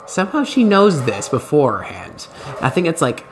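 A man's voice: on the high side, wildly swooping pitch, moderate pace, slight background noise. A man hosting a podcast, telling a story in casual, profane, rambling chat. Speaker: podcast host.

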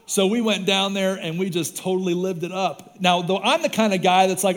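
A man preaching a sermon as pastor, in a casual, animated storytelling way, with lots of "like" and "right?". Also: high-pitched, moderate pace. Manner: animated storytelling with voiced quotes; casual, says "like" and "right?" often.

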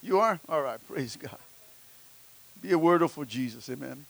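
A man's voice: on the high side, expressive, normal speed, creaky, long pauses, fairly bright tone, no echo. A man preaching a sermon as pastor, fervent and calling out to the congregation, often repeating words as he restarts his lines. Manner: fervent preaching with call-and-response.

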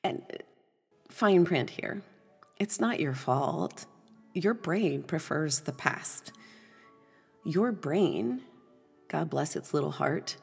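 A woman hosting a podcast, giving a gentle motivational talk, soft and often dropping to a breathy half-whisper. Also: low-pitched, lively intonation, slow pace, pauses often, long reverb tail, faint music behind. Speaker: podcast host.

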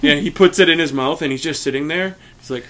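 A man's voice: fairly high pitch, quick pace, a bit bright. A young man co-hosting a podcast, rambling in casual crude chat with lots of fillers. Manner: rambling, many fillers, laughs a lot. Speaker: podcast co-host.

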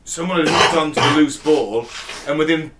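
A man's voice: a little high, moderate pace, very noisy. A British man co-hosting a podcast, joking around with friends and laughing often. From Britain. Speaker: podcast co-host. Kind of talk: casual banter.

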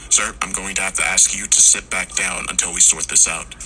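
Guy doing a steady firm police officer, low voice, horror story. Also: fairly quick, a little hiss or hum. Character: cautious male police officer, calm and firm.

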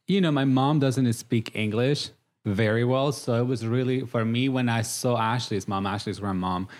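This thirty-year-old Englishman, a guest in a relaxed interview, talks at normal speed in a mid-range voice. He comes across as warm and talkative, filling his speech with frequent "like"s.

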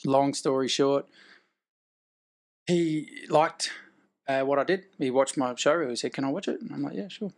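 Gravelly Australian man telling stories. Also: medium pitch, normal speed, pauses often. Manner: animated, acts out quoted dialogue, laughs between lines. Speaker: actor and guest. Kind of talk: casual storytelling.

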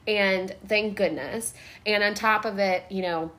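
A woman hosting a podcast, telling a story in casual chat, animated and swearing freely. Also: medium pitch, unhurried. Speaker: podcast host.

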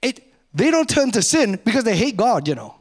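A middle-aged man, a pastor, giving a sermon in a conversational, self-mocking way, speeding up and slowing down often. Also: very high-pitched, sing-song. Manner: conversational, self-mocking, varies pace a lot.

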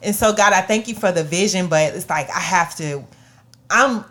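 A woman with a slightly low voice speaks earnestly on a faith podcast. Her talk is emotional and prayerful, full of restarts as she works through her thoughts. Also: moderate pace, a bit bright. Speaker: podcast co-host.

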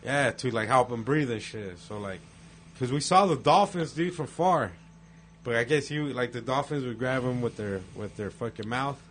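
A man's voice: medium pitch, normal speed, a bit bright, a little hiss or hum. A man telling stories in casual chat, profane and laid-back, acting out the quotes.

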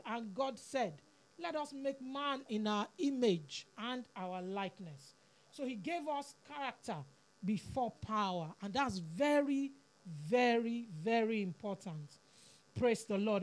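A woman preaching a sermon, earnest and pleading, repeating words for emphasis. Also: on the high side.

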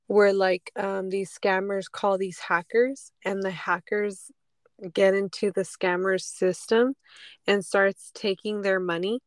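A woman's voice: medium pitch, dry recording. A woman co-hosting a podcast in casual chat, telling a story with laughs and whispered asides. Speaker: podcast co-host.

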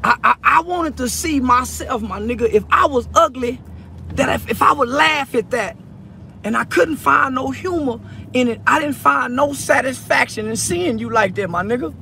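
A choked-up man talks in a strikingly high, strained voice, circling back over the same words as he lectures and consoles someone. He is recorded in a car, and traffic and street noise are plainly heard behind him. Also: moderate pace, gravelly, pushed and bright. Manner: tearful, repetitive, preachy. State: teary, choked up. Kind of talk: emotional address to a viral video subject. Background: traffic and outdoor ambience.

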